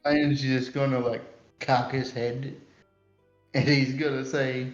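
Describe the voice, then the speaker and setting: Slow-talking man, player at the table. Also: mid-range voice, flat delivery, faint music behind. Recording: roomy, dull-sounding mic.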